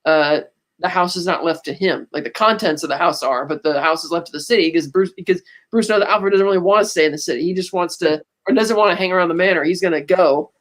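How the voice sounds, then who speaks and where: High-voiced man recapping a movie. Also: quick pace, fairly bright tone. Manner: retells scenes by quoting the characters' lines; frequent restarts and laughs while recapping. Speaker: podcast co-host. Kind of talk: casual movie-review chat.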